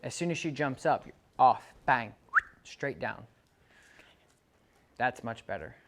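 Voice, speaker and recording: A man working as a dog trainer, calmly coaching a client through exercises and counting out the timing. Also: mid-range voice, slow pace. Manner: calm, coaching, counts out loud. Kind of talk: instructing a client during training.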